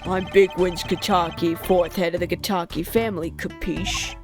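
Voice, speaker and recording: A woman's voice: fairly low pitch, fairly even intonation, moderate pace, voice pushed down, natural voice. A woman voicing a menacing old mob boss father with a put-on New York accent, over game music. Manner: threatening, says capiche.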